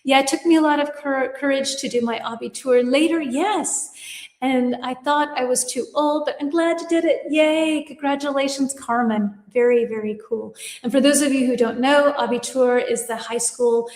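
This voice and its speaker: A woman with a high, slightly mellow voice speaks at a normal pace, her sound roomy as if in a large hall. Based in Germany, she's an English teacher hosting a livestream from her home studio, chatty and upbeat as she reads viewers' comments aloud and laughs at her own slips.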